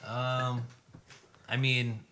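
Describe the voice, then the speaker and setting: A man's voice: mid-range voice, little pitch movement, very slow, bright, forceful tone. A man chatting casually with family, hesitant with fillers and dry humor. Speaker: family member.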